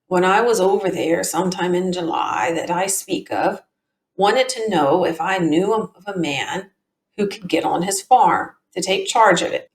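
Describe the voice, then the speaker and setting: A plain-spoken male witness answers questions in a steady, matter-of-fact way, as a woman reads his part. The voice sits in a middle range. The recording sounds tinny and echoey, like a tin can. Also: medium pitch, natural voice. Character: plain-spoken man giving testimony.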